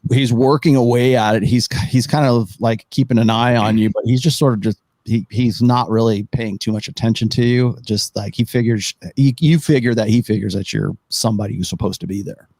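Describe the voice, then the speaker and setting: A man's voice: mid-range voice, steady tone, fairly quick, a little mellow, no echo. A man narrating as game master of a tabletop game, rambling and thinking aloud as he sets up the map.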